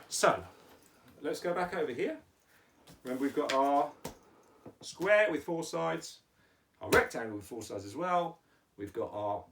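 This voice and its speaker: A man's voice: medium pitch, distant mic. A man hosting a playful children's lesson on shapes, patient and teacherly with exaggerated emphasis. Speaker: children's educational host. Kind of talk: playful kids' lesson with puppets.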